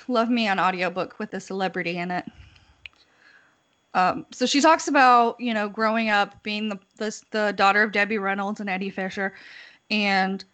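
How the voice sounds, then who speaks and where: A woman's voice: mid-range voice, bright, forceful tone. A woman casually chatting as a podcast co-host, laughing often as she retells what she has heard. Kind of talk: casual chat.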